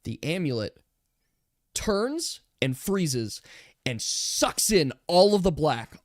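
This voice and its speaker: A game master narrating a tabletop role-playing game in slow, drawn-out descriptions that sometimes drop to a hush. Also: mid-range voice, sing-song, no room sound, studio quality.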